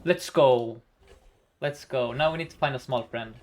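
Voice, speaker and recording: A man's voice: medium pitch, measured pace. A man streaming a game live, thinking aloud about each move in a chatty way and laughing often.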